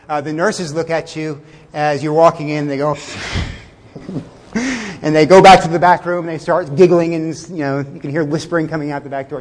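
A man preaching a sermon in a conversational way, with fillers, chuckles and slowed words for emphasis. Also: a little high, in a large hall. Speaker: pastor.

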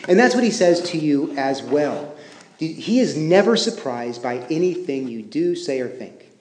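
Guy preaching in church, chatty, goes loud then real quiet, kinda high voice, big echoey hall. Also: very animated, unhurried, slight background noise. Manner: conversational, swinging from emphatic to hushed. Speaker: pastor. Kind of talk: sermon. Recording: echoey hall with long reverb.

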